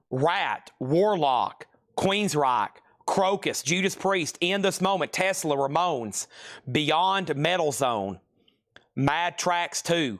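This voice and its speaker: A man's voice: a little high, a bit bright. A man hosting a live vinyl sale stream from a record shop, reading off titles and prices and exclaiming at rare finds. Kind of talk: live-stream sales patter.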